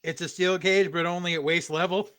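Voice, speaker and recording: Wisecracking bright-voiced podcast guy. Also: high voice, fairly even intonation, fairly quick, dry recording. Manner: wisecracking, laid-back banter. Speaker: podcast co-host. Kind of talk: casual wrestling podcast chat.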